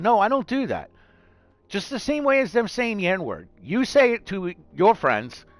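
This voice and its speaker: A fired-up man rants to camera in a raised, gravelly voice that swings wildly up and down. He swears freely and jumps between scornful put-on voices. The sound is dry and close, with faint music underneath. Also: on the high side, fairly bright tone, no echo. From New York. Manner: heated, profane ranting with mocking put-on voices. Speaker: gaming vlogger. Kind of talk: angry rant to camera.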